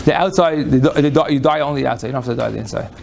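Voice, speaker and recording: Gravelly-voiced man giving a lecture. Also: mid-range voice, racing, slight background noise. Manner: folksy, repeats and restarts phrases. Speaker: lecturer on Jewish law. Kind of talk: lecture with audience questions. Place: lecture room before an audience.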